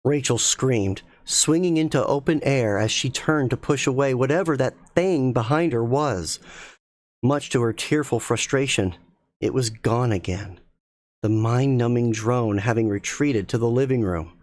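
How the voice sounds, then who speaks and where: A man reading a spooky story aloud in a slow, measured, suspenseful way as a streamer. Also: medium pitch, no room sound.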